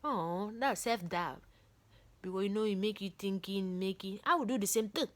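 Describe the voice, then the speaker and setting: A woman's voice: mid-range voice, normal speed, a bit bright. Woman reading a book aloud. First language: not English. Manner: breaks off reading to comment and joke. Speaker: book reader.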